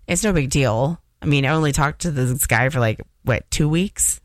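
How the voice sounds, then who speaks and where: A woman's voice: deep voice, a little slow, few pauses, dry recording. A woman in her thirties, a radio DJ ranting sarcastically on air from the studio.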